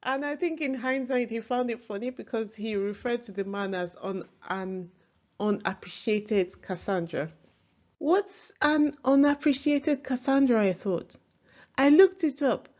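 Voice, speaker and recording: A woman's voice: medium pitch, a little mellow, highs cut off. Chatty woman reviewing a book. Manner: chatty, opinionated, laughs easily. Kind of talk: casual book review vlog.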